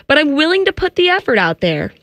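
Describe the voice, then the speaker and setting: A woman's voice: high voice, sing-song, fast, a bit bright, no echo. A woman co-hosting a sports radio show, chatting and defending herself in casual banter. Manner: chatty, defensive, laughs easily.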